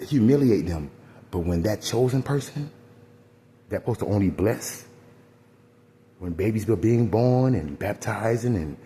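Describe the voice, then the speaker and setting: Man, very low voice, mellow dark tone, preachy rambling talk, faint background noise. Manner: preachy, rambling, addresses listeners as y'all. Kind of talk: casual spiritual monologue.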